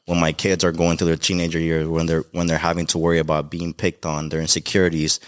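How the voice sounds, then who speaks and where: A man's voice: extremely low pitch, monotone, fast, clear, resonant tone, dry recording, studio quality. A young man from Mexico, a podcast guest, talking in a heartfelt, rambling way with many fillers about being a dad. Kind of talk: emotional casual conversation.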